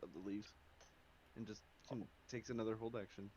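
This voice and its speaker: A man's voice: on the low side, steady tone, normal speed, dark tone, muffled recording, a little hiss or hum. A man playing in a tabletop game, tentative and full of likes. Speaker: player.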